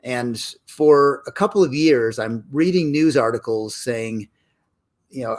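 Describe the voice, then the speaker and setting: A man's voice: mid-range voice, expressive, measured pace. A man co-hosting a casual book club discussion, conversational and storytelling, acting out quoted headlines now and then.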